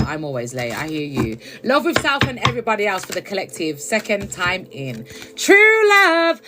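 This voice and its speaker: A woman's voice: mid-range voice, noisy background. A woman giving a blunt, chatty tarot reading on a live stream from her phone. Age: adult. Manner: chatty, blunt, with frequent laughs and swearing. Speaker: tarot reader.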